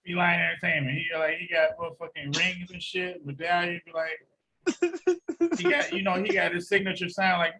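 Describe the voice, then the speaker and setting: A man's voice: sits high, moderate pace, poor audio. A man hosting a casual podcast, telling stories animatedly with lots of swearing. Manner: animated storytelling, heavy profanity. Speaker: podcast host.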